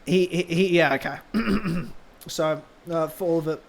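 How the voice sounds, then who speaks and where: A high-pitched man gushes about a show on a casual podcast. He talks excitably and keeps restarting his sentences as his enthusiasm runs ahead of him. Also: a little slow, gravelly. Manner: excitable, gushing, many restarts. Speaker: podcast co-host. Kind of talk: casual fan review chat.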